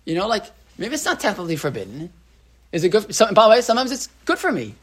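A man's voice: high voice, huge pitch swings, fast talker, a bit bright, breathy edge. Guy rabbi giving a torah class, loose and talky, lots of like and right, hebrew words sprinkled in. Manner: chatty, asks the room "right?", lots of restarts and "like"; mixes Hebrew terms into English.

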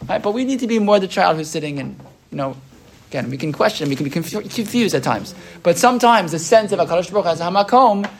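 This man's voice is fairly high, with a slight hiss or hum. Teaching an informal Torah lesson, he keeps things conversational, often adding "right?" to his points and performing the characters in the stories he retells.

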